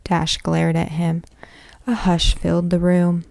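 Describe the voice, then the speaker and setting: A woman's voice: on the low side, completely flat delivery, measured pace, creaky, darkish tone, no echo, studio quality. A woman reading a novel aloud in a plain manner, with occasional slips that she corrects. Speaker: reader.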